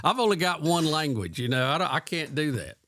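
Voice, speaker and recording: A man in his sixties with a Southern US accent, hosting a podcast in easygoing chat with halting, repeated starts. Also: a little high, very animated, fairly bright tone, dry recording. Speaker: podcast host. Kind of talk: casual chat.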